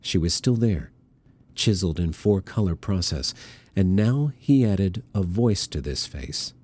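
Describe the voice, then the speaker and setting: A man reading a novel aloud as an audiobook narrator, in a measured, deliberate way. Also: low voice, animated, a little mellow, slightly rough. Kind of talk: scripted narration.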